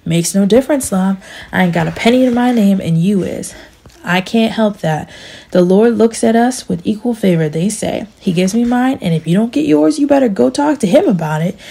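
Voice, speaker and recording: A woman's voice: mid-range voice, expressive, normal speed, creaky, dark tone, breathy edge. A woman voicing an aging, self-pitying male farmer who pleads and complains in a storybook reading. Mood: pleading.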